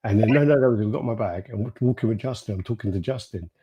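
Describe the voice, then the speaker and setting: A man's voice: fairly low pitch, fast talker, mellow, husky, muffled recording. A man co-hosting a podcast, telling rambling stories in casual chat, swearing freely and laughing often. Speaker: podcast co-host.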